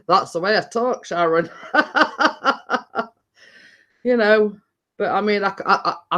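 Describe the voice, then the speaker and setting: A woman's voice: fairly low pitch, fairly bright tone. A middle-aged woman talks casually to her viewers, reading names from the chat. She laughs often and trips over her words, restarting her sentences as she goes. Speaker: live stream host reading chat.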